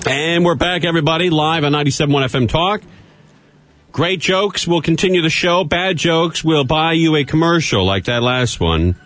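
A man hosting a call-in radio talk show, brisk and dry, teasing his callers. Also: fairly low pitch, a bit bright, dry recording. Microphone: studio microphone.

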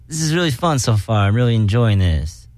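A man's voice: mid-range voice, sing-song, brisk, a little mellow, no echo. Joking man hosting a podcast, dry studio. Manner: joking, rambling, self-mocking. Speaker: podcast host. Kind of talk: casual comedic radio chat. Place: small studio.

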